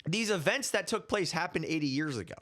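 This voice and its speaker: A man's voice: fairly high pitch, expressive, a little fast, fairly bright tone. A man in his twenties hosting his own commentary show, ranting heatedly and repeating himself. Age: 20s. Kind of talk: casual opinion commentary.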